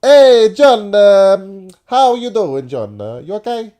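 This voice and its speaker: A man voicing a pushy male Italian football negotiator in a put-on Italian accent, haggling loudly. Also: high-pitched, big pitch swings, slow pace, clean tone, voice pushed up, heavily acted. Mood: wheedling. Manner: loud, wheedling haggling.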